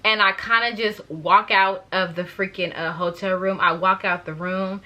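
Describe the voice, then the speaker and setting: A young woman telling a story to her viewers in a chatty, animated way. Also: medium pitch, normal speed. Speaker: vlogger. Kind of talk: story time vlog.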